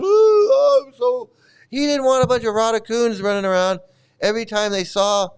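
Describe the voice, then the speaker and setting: A man talks in a loose, rambling way, tripping over his words and restarting often. His slightly high, smooth voice carries a mocking edge. He laughs as he goes on a casual rant. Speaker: channel host, former devotee.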